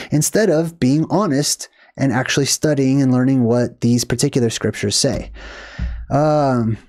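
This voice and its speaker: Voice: medium pitch, a little mellow. A commentator in their forties giving a casual, ranting movie commentary with emphatic opinions. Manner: ranting, emphatic, laughing asides.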